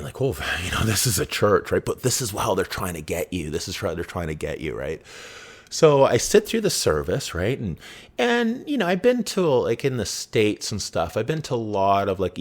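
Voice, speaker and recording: A man around fifty, a podcast host telling a personal story in a rambling, profane, casual way, full of "right?" and "you know". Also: deep voice. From Vancouver, Canada. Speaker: true crime podcast host.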